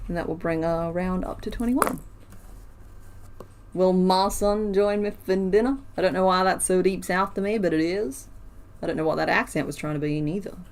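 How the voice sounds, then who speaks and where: A woman's voice: on the low side, fairly quick. Chatty woman counting crochet stitches. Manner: chatty, counts stitches aloud, reads and answers chat. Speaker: crochet streamer. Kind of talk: casual livestream chat while crocheting.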